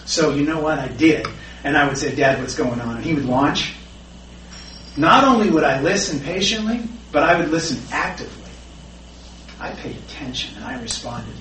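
A man's voice: a little high, a bit bright, a little hiss or hum. A middle-aged man sharing a candid, self-deprecating personal story at a recovery meeting. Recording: roomy, distant, faint background ambience.

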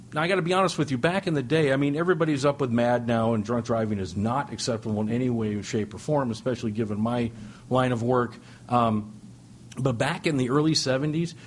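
A middle-aged man speaking to a recovery meeting, telling stories with jokes and sudden excited jumps in his voice. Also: a little hiss or hum. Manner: animated, joking, with sudden high-pitched exclamations. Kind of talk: humorous storytelling share. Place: speaking before a meeting audience.

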